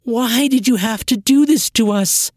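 A narrator voicing a young woman, a worried and loving sister who speaks with a rasping, tearful voice. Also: medium pitch, a little slow, a little mellow, no room sound, studio quality, natural voice. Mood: distraught. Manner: pleading, tearful.

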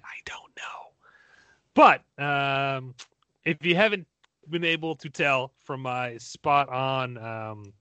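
A man's voice: medium pitch, sharp tone, no room sound. A man hosting a casual podcast, rambling through his intro with laughs and self-mocking asides. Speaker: podcast host. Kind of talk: casual chat.

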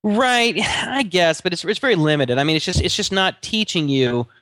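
A man's voice: sits high, lively intonation, moderate pace, fairly bright tone, no echo, studio quality. A middle-aged man co-hosting a podcast in casual chat, rambling with many restarts and fillers. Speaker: podcast co-host.

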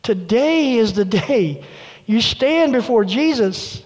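Casting note: earnest preacher, male, bright high voice, room reverb trailing each phrase. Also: lively intonation, takes it slowly. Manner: earnest preaching, dropping soft for quoted words. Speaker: pastor. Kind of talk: sermon. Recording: long reverb of a large room.

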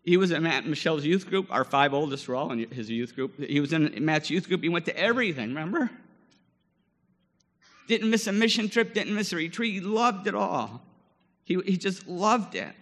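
A man in his forties telling a lively story in a sermon, acting out scenes with many fillers. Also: a little high, moderate pace, big-room sound. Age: 40s. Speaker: guest chapel speaker.

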